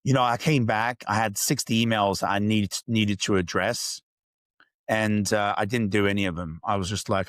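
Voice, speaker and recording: A man's voice: fairly low pitch, steady tone, normal speed, a bit bright, no room sound, clean studio sound. A man, talking as a podcast guest in a candid, reflective way. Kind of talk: casual interview storytelling.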